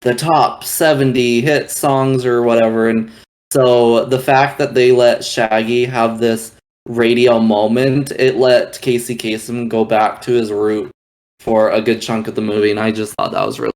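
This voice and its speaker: A man's voice: medium pitch, unhurried, a little mellow. Hesitant man sharing trivia. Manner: hesitant, many "um" and "uh". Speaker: podcast co-host reviewing a film. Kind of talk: casual chat.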